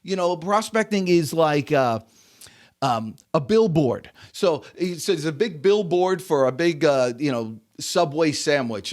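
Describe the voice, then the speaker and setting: A man from the United States, a sales coach telling stories as a guest on an interview podcast, animated and chuckling between points. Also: on the high side. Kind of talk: casual interview storytelling.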